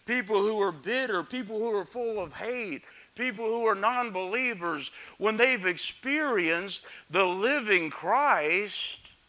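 A man preaching a sermon dramatically, swinging from loud calls to hushed near-whispers and putting questions to the congregation. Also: sits high, lively intonation, slow pace, hardly any pauses.

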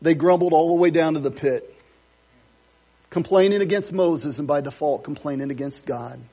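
A man's voice: fairly high pitch, normal speed, husky, lo-fi sound. A man pastor preaching a sermon in a church, conversational with playful asides. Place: church sanctuary.

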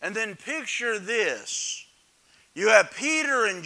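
High, bright-voiced dramatic preacher man. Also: very animated, slow pace, gravelly. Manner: dramatic, swings from loud calls to hushed near-whispers; asks the congregation questions. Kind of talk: sermon.

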